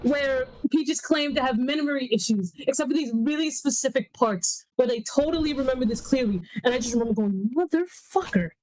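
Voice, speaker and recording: A woman's voice: high-pitched, brisk, few pauses, darkish tone, dry recording, rough recording. A woman with a New York accent, a guest on a podcast, talking bluntly and heatedly and swearing as she speaks. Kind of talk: casual podcast chat.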